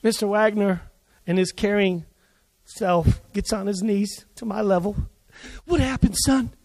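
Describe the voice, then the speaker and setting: A man preaching to his congregation with a very high-pitched voice. He tells his story in an animated way, acting out the voices of the people in it. The sound carries a long reverb from a large hall. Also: unhurried, vocal fry. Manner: animated, acts out quoted voices. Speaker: pastor. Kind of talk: sermon with storytelling. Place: church service.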